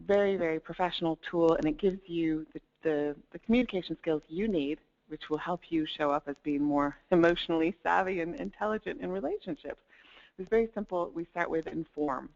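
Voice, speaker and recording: Her voice is lowish, gravelly, and somewhat dark. As a life coach giving an upbeat webinar talk over dull, lo-fi audio, she laughs softly between points and acts out various tones of voice.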